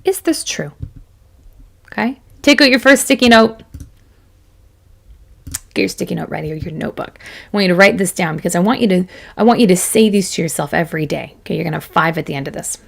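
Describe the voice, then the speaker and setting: Gravelly-voiced lady coach chatting to camera, laughs a lot, pokes fun at herself. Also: lowish voice, expressive, quick pace. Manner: chatty, self-deprecating, laughs often. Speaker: business coach. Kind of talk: casual motivational talk to camera.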